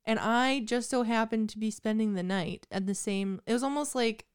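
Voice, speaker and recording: A young woman co-hosting a casual movie recap podcast, telling stories in a giggly, animated way. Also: a little high, moderate pace, clean tone, dry recording, clean studio sound. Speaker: podcast co-host.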